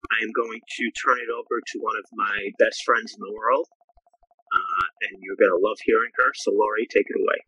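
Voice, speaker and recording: A man sharing his recovery story at a meeting he chairs, halting and heartfelt, with frequent restarts. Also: fairly low pitch, steady tone, bright, forceful tone, no echo, rough recording. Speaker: AA group chair. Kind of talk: personal recovery share on a video call. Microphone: video call.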